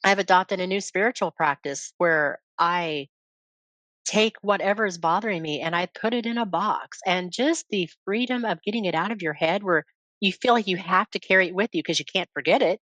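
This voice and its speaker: A woman's voice: on the low side, moderate pace, a bit bright, no room sound. A woman speaking as a podcast guest, telling her story openly and reflectively. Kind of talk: candid personal interview talk.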